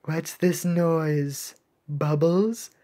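A woman's voice: low-pitched, steady tone, drawn-out words, mellow, exaggerated voice. A woman voicing a stern, proud cookie navy captain who gives dry, commanding orders while she reads game cutscenes. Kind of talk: reading game cutscenes aloud.

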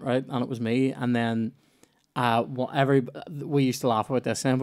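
A man's voice: medium pitch, little pitch movement, moderate pace, a little mellow. A man hosting a comedy podcast, telling rambling, sweary anecdotes full of restarts. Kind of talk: casual storytelling chat.

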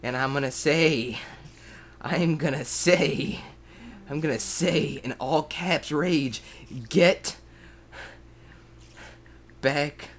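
A young man giving casual gameplay commentary, swinging from tired mutters and whispers to sudden yells, swearing freely and talking to his viewers. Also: a little high, slow. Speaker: gaming video host.

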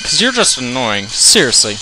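Lively, goofy man narrating gameplay. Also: mid-range voice, normal speed, noisy background. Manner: joking, goofy, yells when in a fight. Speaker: gaming commentator. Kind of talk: let's play commentary.

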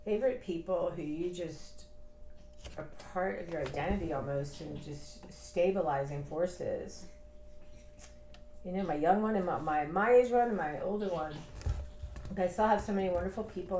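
A woman's voice: lowish voice, moderate pace, mellow, reverberant, a little hiss or hum. A woman in her fifties in a casual personal vlog, talking in a rambling, reflective and heartfelt way. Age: 50s. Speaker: vlogger.

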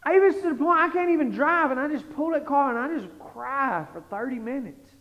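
A man preaching a sermon, telling stories animatedly and swinging from hushed tones to shouting. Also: extremely high pitch, lively intonation, fairly quick. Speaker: pastor. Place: church sanctuary. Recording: lo-fi sound with long hall reverb.

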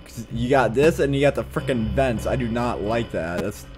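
A man's voice: mid-range voice, expressive, normal speed, a little mellow. A man casually commenting over gameplay, loose and slangy. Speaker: gaming channel host.

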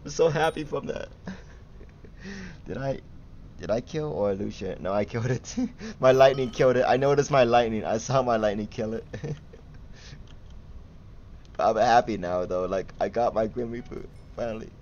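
A young man livestreams a game, offering casual, giggly commentary and chatting with his viewers, easily excited. His voice is medium-pitched at a moderate pace with frequent pauses, and the audio has its highs cut off.

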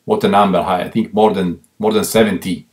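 A man with an Italian accent, speaking English as a second language, answers interview questions in a fairly low voice. He talks haltingly, with many fillers and restarted words, as he works out each thought. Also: fairly even intonation, a little mellow. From Italy. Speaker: guest violist. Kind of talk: interview over a remote line.

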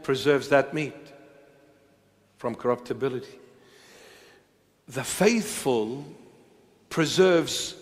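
A bishop preaching a sermon in a church, repeating phrases emphatically and swinging between hushed, intimate lines and raised ones. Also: male voice, medium pitch, long reverb tail.

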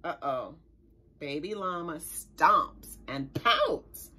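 A woman, a children's librarian, reads a picture book aloud to young children in an expressive, sing-song way and stops now and then to explain words. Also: mid-range voice, slow, husky. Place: library story time recorded for online viewing.

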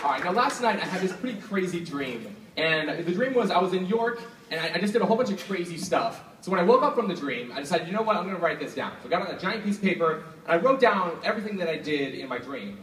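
A man's voice: high-pitched, fast talker, few pauses. A young man performing as a stage magician, talking casually and with energy to a live audience, hyping them up and chatting with helpers. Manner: energetic, hyping the crowd, filler "like". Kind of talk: live stage show patter. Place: live show venue with audience. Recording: echoey hall, from a distance, crowd and noise.

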